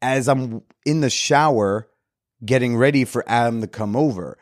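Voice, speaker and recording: A man in the middle of his pitch range talks candidly and casually as a podcast host, swearing freely while reflecting on himself. The recording is dry, with no room sound around his voice. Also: moderate pace, no echo. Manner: candid, profane, self-reflective. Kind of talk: casual storytelling.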